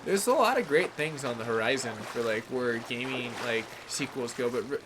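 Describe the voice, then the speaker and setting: A man's voice: medium pitch, expressive, normal speed, background noise. A man from the Bay Area in California, casually rambling through live game commentary, greeting chat viewers by name. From San Francisco Bay Area, California. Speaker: gaming livestreamer.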